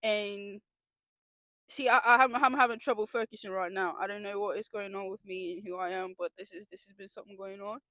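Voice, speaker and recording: Young woman, vlogger, earnest, emotional, rambling, medium pitch, dry close sound. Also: fairly even intonation, fairly quick, pushed and bright, dry recording. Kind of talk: casual confessional vlog.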